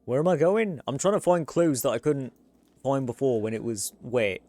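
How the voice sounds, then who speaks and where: A man's voice: mid-range voice, lively intonation, moderate pace, darkish tone, dry recording. A man from the United States streaming a game with casual, rambling commentary and frequent swearing. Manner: chatty, rambling, swears freely.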